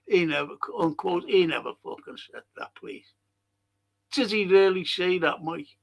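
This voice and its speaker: Gravelly high-voiced streamer ranting. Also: male voice, wildly swooping pitch, normal speed. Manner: heavy swearing, blunt exasperated rants. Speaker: football watch-along streamer reading chat. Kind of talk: live-stream football chat.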